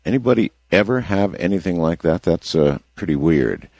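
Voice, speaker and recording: A man hosting a late-night call-in radio show, speaking in a relaxed, conversational way and reacting to callers. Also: low voice, moderate pace, slightly rough, dry recording. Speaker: radio talk show host. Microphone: studio microphone.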